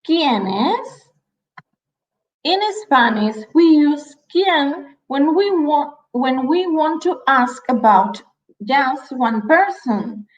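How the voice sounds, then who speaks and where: Woman, language teacher, very slow, repeats words, lo-fi sound. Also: high voice, lively intonation, roomy sound. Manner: repeats words slowly for the learner. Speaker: Spanish teacher. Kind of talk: slow, careful language lesson.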